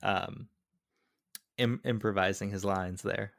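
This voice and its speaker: A man's voice: lowish voice, fairly even intonation, slow pace, creaky. A man co-hosting a podcast, chatting loosely about a film and asking questions with many fillers. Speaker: podcast co-host. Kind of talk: casual movie recap chat.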